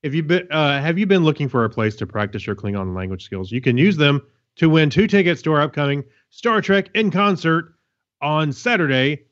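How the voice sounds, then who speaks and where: A man's voice: on the high side, animated, brisk, fairly bright tone, muffled recording. A man co-hosting a casual podcast, reading a news item with playful asides. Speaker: podcast co-host.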